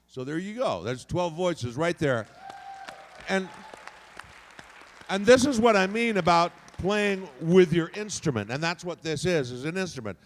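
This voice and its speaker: A man on a convention panel explaining voice acting, animated and showing off different voices as he talks. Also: high voice, measured pace, a faint crowd. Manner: animated, demonstrates voices by moving resonance around. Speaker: voice actor panelist. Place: convention hall. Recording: long hall reverb.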